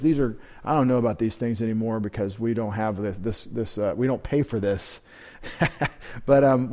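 Man, pastor, midweek Bible teaching, conversational, rambling asides, medium pitch. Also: darkish tone.

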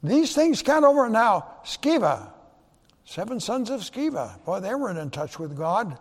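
A man preaching a sermon as pastor, emphatic, his voice leaping up loud for rhetorical questions. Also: sits high, sing-song, unhurried. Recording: long reverb of a large hall.

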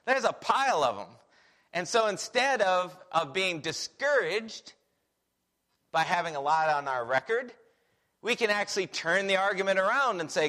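A man preaching a sermon on a Bible passage, animated and full of rhetorical questions. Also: high voice, normal speed.

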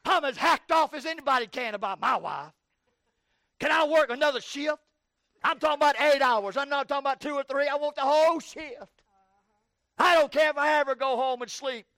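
A man's voice: extremely high pitch, fairly quick, bright, forceful tone, dry recording, studio quality, voice pushed up, full character voice. A man acting out a bitter, fed-up husband who gripes in a whiny, worked-up way. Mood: aggravated. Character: bitter, fed-up husband complaining about his wife.

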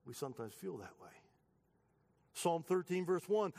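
High-voiced pastor preaching in a reverberant hall. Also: male voice, lively intonation, unhurried. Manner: emphatic, rising passion when quoting psalms. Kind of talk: sermon.

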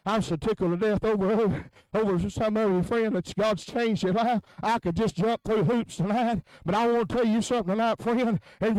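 A man preaching a revival sermon in a tent, moving between low, quiet talk and chanted, shouted peaks. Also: no echo, poor audio.

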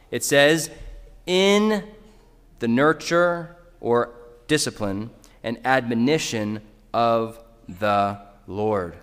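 A man's voice: mid-range voice, a bit bright, big-room sound. A man preaching a sermon in a church, earnestly addressing parents directly. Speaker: pastor.

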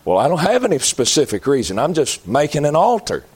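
A man voicing an offhand male pagan prophet who gives flat, dismissive replies. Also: a little high, a little fast, husky, voice pushed down, heavily acted.

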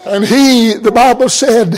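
An older man preaching a revival sermon in a fervent cadence, full of amens and hallelujahs, shouting at the peaks and dropping soft in between. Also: fairly even intonation, measured pace, a crowd in the background, rough recording. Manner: shouts at the peaks, drops low and soft in storytelling.

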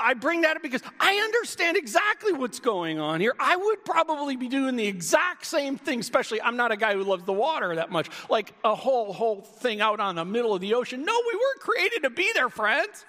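A man preaching a sermon in a lively way, sometimes raising his voice to a shout for key lines. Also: very high-pitched. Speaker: pastor. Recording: long hall reverb.

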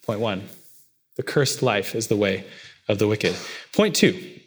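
A man preaching a sermon as pastor, his delivery swinging between quiet, heavy low stretches and raised, emphatic lines. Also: expressive, unhurried, husky.

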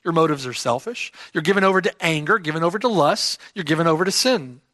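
A man's voice: fairly high pitch, lively intonation, fast talker, fairly bright tone, no echo. A man preaching an expository sermon, emphatic and repeating key phrases for stress. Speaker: pastor.

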